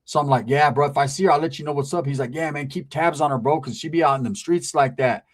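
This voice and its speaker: A man telling a wild personal story in casual, profane street slang, animated and acting out each person he quotes. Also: a little high, fast talker. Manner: animated, acts out every quoted voice; profane, slangy street talk with Spanish words.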